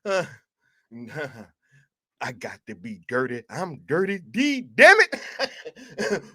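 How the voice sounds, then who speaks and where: Laughing man reacting on a stream. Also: on the high side. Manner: breaks into loud laughter, slangy and profane.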